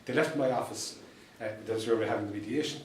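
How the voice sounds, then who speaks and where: An Irish solicitor and mediator giving an anecdotal talk to fellow professionals, telling stories with dry humour and repeated punchlines. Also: male voice, medium pitch, fast talker, a little hiss or hum. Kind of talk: anecdotal presentation to a professional audience. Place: meeting room. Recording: distant mic in an echoey room.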